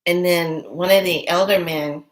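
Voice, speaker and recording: A woman's voice: lowish voice, steady tone, unhurried, a little hiss or hum. A middle-aged woman, a priestess, telling a personal story in casual chat, breathless and full of wonder-struck exclamations.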